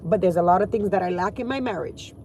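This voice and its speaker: A woman's voice: medium pitch, fast, warm tone, slight background noise. A woman in her forties talking candidly and emotionally in a casual vlog from inside her car, swearing freely. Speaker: vlogger.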